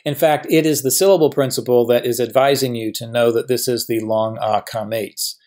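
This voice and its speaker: A middle-aged man gives a recorded grammar lecture at a middle pitch. He is patient and methodical, and he slows down to spell out each example word. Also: steady tone, a little mellow. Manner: patient, stretches out example words slowly. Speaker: professor teaching biblical Hebrew.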